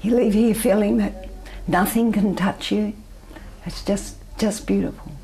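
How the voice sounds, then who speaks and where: An older Australian woman telling her personal story as an interview guest, soft-spoken and often trailing off into near-whispers. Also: mid-range voice, fairly even intonation, measured pace, poor audio. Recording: faint background noise.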